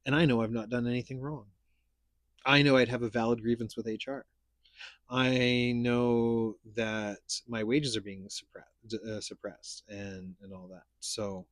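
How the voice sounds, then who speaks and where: A man's voice: mid-range voice, steady tone, moderate pace, a bit bright, no room sound, studio quality. A man hosting a casual podcast chat, telling stories in a blunt, profane, rambling way. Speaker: podcast host.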